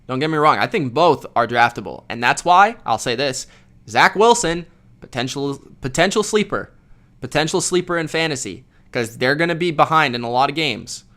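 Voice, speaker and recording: A man hosting a live football reaction stream, reading viewer chat aloud and commenting in a loud, slangy, casual way. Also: mid-range voice, clear, resonant tone. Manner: loud, self-described yeller, slangy with frequent "bro".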